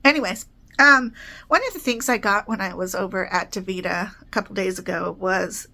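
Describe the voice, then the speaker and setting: Chatty woman with a bright, congested voice. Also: mid-range voice, moderate pace. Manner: rambling, chatty, with many fillers and soft laughs. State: slightly congested, sucking a cough drop. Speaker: vlogger. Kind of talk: casual chat. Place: apartment.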